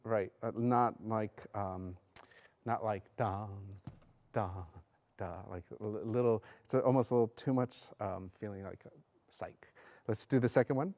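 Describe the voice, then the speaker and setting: A man coaching a bassoon section in rehearsal, singing phrases aloud between hesitant spoken notes. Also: normal speed, a little mellow.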